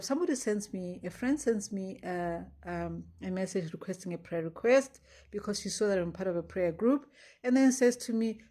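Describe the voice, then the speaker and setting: A woman's voice: medium pitch, darkish tone. A woman talking through her faith in a casual diary-style vlog, earnest and rambling. She stops herself often and sounds anxious, close to panic. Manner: earnest, rambling, self-interrupting. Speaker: faith vlogger.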